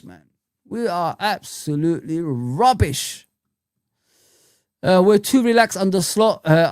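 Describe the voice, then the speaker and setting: A man's voice: on the high side, a little mellow, dry recording. Ranting man, dry close sound. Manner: ranting, exasperated, repeats phrases. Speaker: fan channel host. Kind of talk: live chat commentary.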